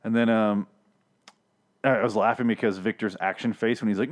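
A man's voice: fairly low pitch, fairly even intonation, fairly quick, pauses often. Profane, rambling male show recapper. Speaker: podcast host. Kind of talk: casual TV episode recap.

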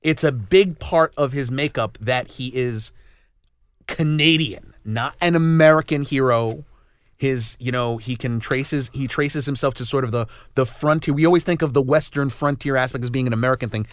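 A man's voice: medium pitch, normal speed, dry recording. A man co-hosting a podcast, talking about comic characters, enthusiastic and rambling, with many restarts. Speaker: podcast co-host. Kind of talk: casual chat.

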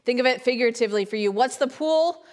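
High-voiced woman preaching in a reverberant hall. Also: quick pace. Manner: conversational preaching with rhetorical questions; acts out imagined inner voices. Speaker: guest speaker. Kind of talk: sermon.

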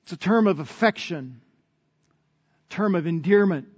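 A male pastor delivers an earnest sermon, pressing his points through repetition. His voice sits high and moves at a slow, deliberate pace. The recording is dull and lo-fi, and a long reverb hangs after each phrase. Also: expressive, breathy edge.

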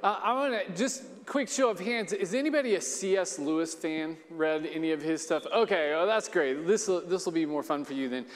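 High-voiced man speaking in a reverberant hall. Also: normal speed, few pauses. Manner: conversational, with fillers and restarts. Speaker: speaker addressing a gathering. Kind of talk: casual talk leading into a story reading.

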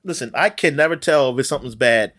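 A man co-hosting a podcast in casual chat, animated and joking, swearing casually. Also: mid-range voice, quick pace. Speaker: podcast co-host.

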